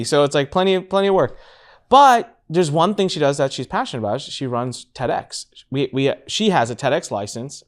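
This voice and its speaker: A man in his thirties hosting a casual business talk, telling a story with lively acted-out quotes. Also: mid-range voice. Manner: animated storytelling, acts out quotes. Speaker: podcast host.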